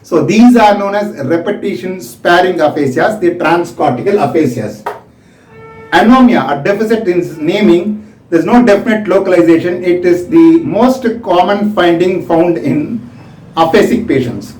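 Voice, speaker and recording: A man giving a slow, explanatory medical lecture. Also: sits high, darkish tone, slight background noise. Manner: slow, explanatory, acts out examples. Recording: echoey room, voice from a distance.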